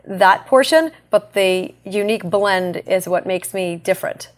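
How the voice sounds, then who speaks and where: A woman's voice: medium pitch, a little slow. A middle-aged woman, a business coach, giving a thoughtful interview answer at length.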